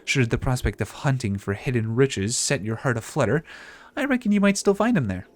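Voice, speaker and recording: A man's voice: mid-range voice, sing-song, brisk, close to an everyday voice. A man voicing a flowery, theatrical woman quest giver, reading game dialogue aloud with grandiose, rambling delivery.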